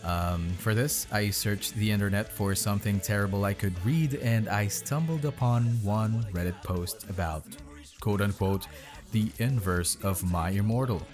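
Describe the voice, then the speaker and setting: A man's voice: fairly low pitch, moderate pace, a little mellow, faint music behind. A man hosting a podcast, reading bad fan fiction aloud in his bedroom with sarcastic, mocking asides. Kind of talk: comedic dramatic reading with commentary.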